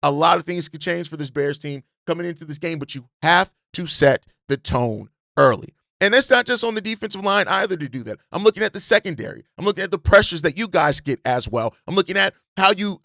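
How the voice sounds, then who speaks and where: A man's voice: high voice, creaky, bright, forceful tone, no echo, studio quality. A male sports podcast host giving passionate, profane fan commentary, often repeating words as he gets worked up.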